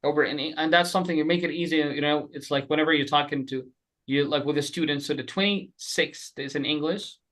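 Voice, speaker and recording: A man teaching an online group class, animated and repeating letters slowly for his students. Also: fairly high pitch. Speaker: Quran recitation teacher. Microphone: webcam.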